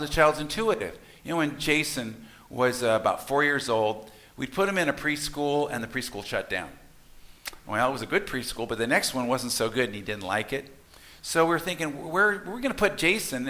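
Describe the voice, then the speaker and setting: In a church sanctuary, a middle-aged minister with a mid-range, sharp-toned voice gives his congregation a folksy sermon full of stories. He tosses in asides to the listeners as he goes.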